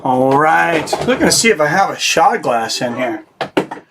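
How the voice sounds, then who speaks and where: A man's voice: a little high, big pitch swings, moderate pace, noisy background. A man hosting a live fight stream, chatting casually and rambling as he thanks his viewers and donors.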